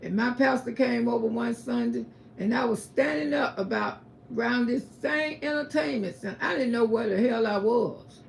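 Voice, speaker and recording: A woman's voice: fairly high pitch, moderate pace, creaky, a little hiss or hum. A woman giving an emphatic, repetitive religious testimony on a livestream. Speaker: livestream host.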